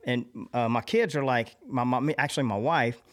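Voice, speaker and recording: A man on a podcast recounts a personal story in a confessional, earnest tone. His voice sits in an ordinary middle pitch, and he rambles with restarts and fillers before turning reflective. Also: normal speed. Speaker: podcast co-host.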